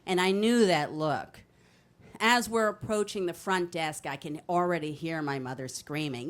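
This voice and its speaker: A woman's voice: deep voice, normal speed, a little hiss or hum. A woman in her fifties from New Jersey, telling a brash, comic true story on stage into a microphone. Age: 50s. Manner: brash, comic, animated delivery. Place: storytelling stage in a city venue.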